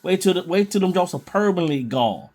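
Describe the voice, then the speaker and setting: A man's voice: sits high, animated, a little fast, a little mellow. A man preaching informally from scripture in a blunt, scolding way.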